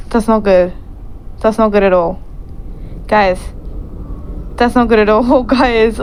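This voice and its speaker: A woman's voice: fairly high pitch, slow pace, pauses often, a little mellow, a little hiss or hum, rough recording. A woman streaming a horror game, scared and repeating herself as she reacts. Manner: jumpy, repeats herself when frightened. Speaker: gameplay streamer. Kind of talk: let's play commentary.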